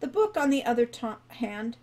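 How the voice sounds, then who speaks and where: A woman's voice: a little high, sing-song, moderate pace, darkish tone, rough recording. A woman author giving a live reading of her young adult fantasy novel, narrating steadily and expressively.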